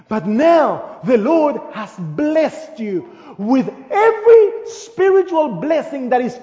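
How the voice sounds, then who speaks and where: A man preaching a sermon as pastor in a large church, swinging from loud emphatic declarations to soft, hushed asides. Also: very high voice. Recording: echoey church hall, slightly dull sound. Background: long reverb of the hall.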